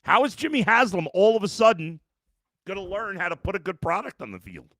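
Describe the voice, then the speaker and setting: A podcast host rants in exasperation after a game, reading out chat comments and restarting himself often. His high, animated voice moves briskly with a sharp tone. The studio sound is clean, with no room sound.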